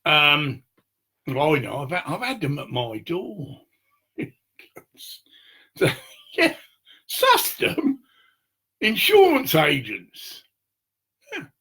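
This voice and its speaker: Man, gravelly and husky, rambling and swearing in a pitch-swinging monologue. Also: wildly swooping pitch, extremely slow, pauses often, sharp tone. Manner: rambling, profane, acts out little scenes.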